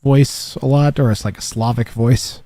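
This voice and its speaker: A man's voice: mid-range voice, fairly even intonation, moderate pace, warm tone, no echo. A young man streaming a strategy game, chatting casually with viewers and commentating, rambling with lots of fillers and restarts.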